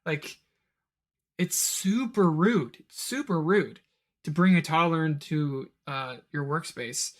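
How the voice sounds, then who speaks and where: A man hosting a solo podcast and reviewing a film, rambling with asides and mimicking characters' lines. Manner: rambling, quick asides, mock-quotes characters in a higher voice. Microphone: home recording of a live stream.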